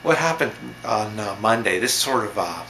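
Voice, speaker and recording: A man vlogger tells a story in a loose, rambling way, circling back with repeats and restarts while sounding amused. His voice rises and falls animatedly and has a bright edge. The sound is echoey, with a faint ambient hiss underneath. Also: on the low side, expressive, normal speed. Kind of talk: casual storytelling.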